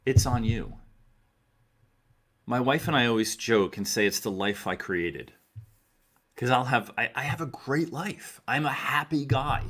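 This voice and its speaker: A man's voice: mid-range voice, a bit bright. A middle-aged man giving earnest, direct advice to his listeners, coaching them and repeating key phrases for emphasis. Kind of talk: direct-to-camera advice talk.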